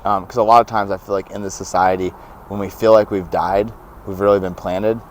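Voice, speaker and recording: Young male guest, lower voice, lively anecdotes with acted-out quotes. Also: a little fast, a little hiss or hum. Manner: animated, laughs often, acts out quoted dialogue. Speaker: podcast guest. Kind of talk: casual storytelling.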